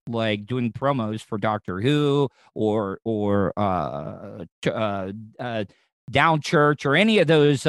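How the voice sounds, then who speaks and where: A man's voice: medium pitch, a bit bright, dry recording. Rambling, jokey man host. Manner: rambling, stammering restarts, jokey. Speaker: radio interview host. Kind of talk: casual interview chat.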